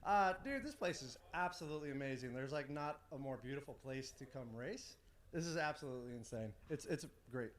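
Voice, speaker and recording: A U.S. pro drift driver, his mid-range voice lively in intonation and fairly quick, gives a casual interview outside at a racetrack, talking with enthusiasm and laid-back slang.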